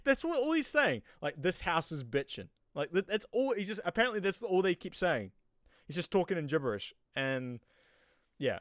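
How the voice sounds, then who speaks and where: NZ-accented male reviewer, fairly high, smooth-toned, dry close sound; loose rambling delivery. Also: fairly bright tone, dry recording. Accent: New Zealand. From New Zealand. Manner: rambling, lots of "you know" and "like" fillers. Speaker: TV episode reviewer. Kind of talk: casual spoken review.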